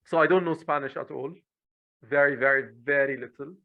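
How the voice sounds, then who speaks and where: A man's voice: fairly high pitch, fairly even intonation, fairly quick, narrow, tinny audio. A man hosting a podcast, asking questions in a hesitant way with restarts and short acknowledgements. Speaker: podcast host. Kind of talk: casual interview.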